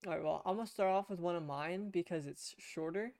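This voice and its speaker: A young man chats on a podcast from his computer at home, spinning out a long, rambling story full of restarts and the odd curse. His voice is smooth and resonant, and the sound is close and dry. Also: high voice, a little fast, darkish tone, no room sound. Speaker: podcast co-host. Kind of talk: casual chat. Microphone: headset.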